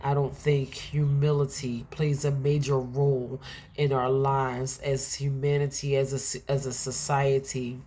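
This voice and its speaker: Slow, low-voiced Philly woman giving affirmations. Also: a little mellow, slight background noise. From Philadelphia. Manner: emphatic, repetitive, preacher-like. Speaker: motivational speaker. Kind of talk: motivational affirmation talk.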